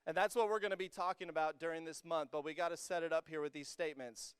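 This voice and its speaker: A young man preaching to a student congregation, energetic and joking with the crowd, rising to emphatic peaks as he reads scripture. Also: fairly high pitch, fast talker, smooth, dry recording, studio quality. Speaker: youth pastor. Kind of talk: sermon. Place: church hall with a student congregation.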